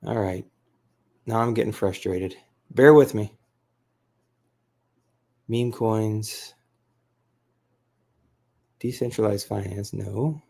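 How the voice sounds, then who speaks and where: Excitable man rambling over a screen share. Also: lowish voice, slow, gravelly, pauses often, husky. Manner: excitable, rambling, frequent fillers and repeats. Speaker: crypto video host. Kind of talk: casual screen-share commentary.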